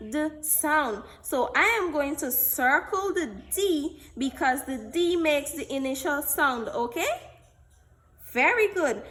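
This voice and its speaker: A woman's voice: high voice, fairly bright tone. A woman teacher giving a phonics lesson to small children, patient and full of praise, repeating key words. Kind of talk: slow, deliberate classroom instruction to small children. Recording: echoey room.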